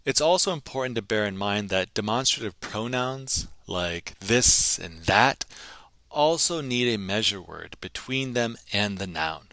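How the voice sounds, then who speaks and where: A man teaching a recorded language lesson, patiently explaining grammar and repeating phrases slowly for learners to copy. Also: on the low side, lively intonation, bright, forceful tone, dry recording. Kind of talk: pre-recorded lesson narration.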